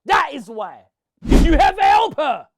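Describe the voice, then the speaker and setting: A man, shouting and confronting someone in a heated rant to camera. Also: very high-pitched, sing-song, moderate pace. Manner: shouting, confrontational, repeats "bro". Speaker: online commentator.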